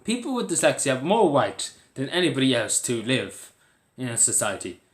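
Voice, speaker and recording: A man's voice: mid-range voice, very animated, moderate pace, reverberant. A man with an Irish accent talking earnestly to camera in a rambling, casual way, full of fillers and restarts. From Ireland. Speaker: vlogger.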